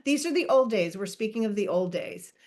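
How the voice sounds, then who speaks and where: A woman's voice: mid-range voice, expressive, fairly quick, darkish tone. A woman co-hosting a podcast in casual chat, talkative and often laughing as she wanders off track. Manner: chatty, laughs often, self-interrupting. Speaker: podcast co-host.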